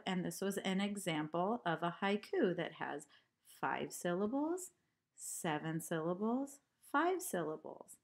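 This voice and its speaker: A woman teacher giving an art lesson to children, speaking clearly and counting syllables aloud. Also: lowish voice. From California.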